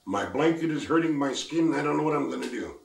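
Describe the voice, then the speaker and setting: A lost little girl, as an elderly storyteller puts her on, lifting his voice well above its usual pitch and pressing out her troubles in a plaintive, gravelly whine. She is heard in an echoey room, some way from the mic. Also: normal speed, recorded from a distance. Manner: plaintive, complaining. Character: lost, weeping young girl, frightened and self-pitying.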